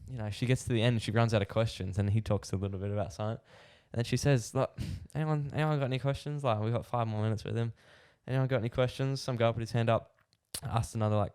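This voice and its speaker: A young man with an Australian accent, chatting casually on a podcast. His voice sits fairly low, and he rambles through a long anecdote, packing it with fillers and quoted bits. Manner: rambling, filler-heavy, animated retelling. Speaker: podcast co-host. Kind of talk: casual chat, storytelling.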